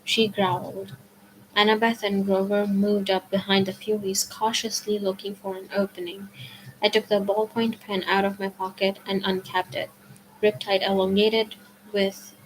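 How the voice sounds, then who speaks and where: Lady reading a book out loud, pretty flat tone, steady, drops to a whisper sometimes. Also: medium pitch, normal speed, slight background noise, low-quality recording. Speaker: audiobook reader. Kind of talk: reading a novel aloud.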